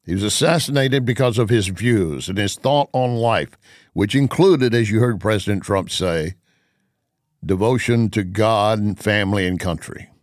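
A middle-aged man hosting a talk radio show, speaking in an earnest, emphatic, measured way. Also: on the low side, no echo, studio quality.

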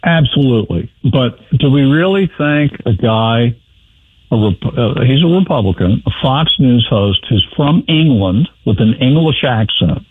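A man's voice: mid-range voice, lively intonation, measured pace, slightly rough, dry recording. A man giving blunt, wry political commentary on a talk radio show. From New York. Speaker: guest commentator. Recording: tinny phone line.

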